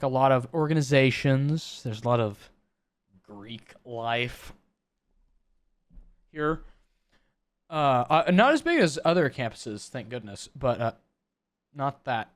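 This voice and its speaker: A young college student co-hosting a casual podcast, talking in an animated way, swearing casually and slipping into mocking voices. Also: male voice, mid-range voice, clear, resonant tone. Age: young adult. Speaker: podcast co-host. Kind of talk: casual chat.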